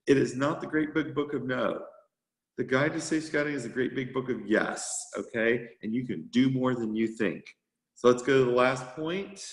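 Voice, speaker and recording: A man who leads a youth sailing group, giving a brisk, upbeat motivational talk to a meeting. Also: medium pitch, a bit bright, reverberant, low-quality recording. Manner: brisk and upbeat, rushing to fit his time. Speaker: sea scout skipper giving a presentation.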